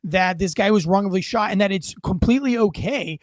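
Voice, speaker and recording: High-voiced man ranting in casual talk. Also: brisk, dry recording. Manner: animated, emphatic, reads comments aloud. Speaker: podcast co-host. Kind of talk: casual opinion chat.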